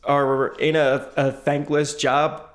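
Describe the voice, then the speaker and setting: A man's voice: a little high, little pitch movement, slow pace. A man co-hosting a podcast, talking in a wry, earnest way with hesitant restarts. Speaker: podcast co-host. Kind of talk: casual chat.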